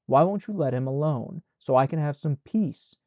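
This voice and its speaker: A man's voice: a little high, lively intonation, moderate pace, dark tone, no room sound, studio quality. A man voicing a sickly Southern mother who speaks wearily and complainingly. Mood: fretful. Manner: weary and complaining. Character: fretful invalid Southern mother, self-pitying.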